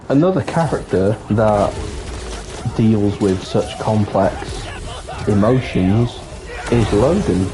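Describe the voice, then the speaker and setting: Man, livestream chat, rambling, sweary, lowish voice, music behind. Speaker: live streamer. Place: dark room with the light off.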